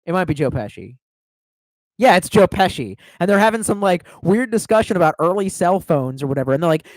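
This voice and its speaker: Man in his 30s, livestreamer, profane rambling storyteller, slightly high voice, dry close sound. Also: very animated, brisk, darkish tone, dry recording. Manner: profane, rambling, laughs at own tangents.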